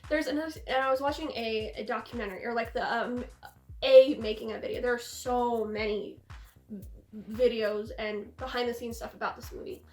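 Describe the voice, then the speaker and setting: A young woman hosting a casual movie discussion, animated and laughing, acting out lines from the film. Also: fairly high pitch, fairly quick, roomy sound. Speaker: host.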